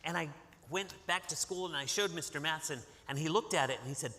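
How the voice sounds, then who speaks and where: A man from Massachusetts reads a picture book to a young audience in a bright, forward voice. He coaxes the children to join in and keeps the pace lively. A long reverb hangs in the hall around him. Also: on the high side, fairly quick. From Massachusetts, USA. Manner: lively, coaxing, invites call-and-response. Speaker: author reading to children. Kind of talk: interactive picture-book reading.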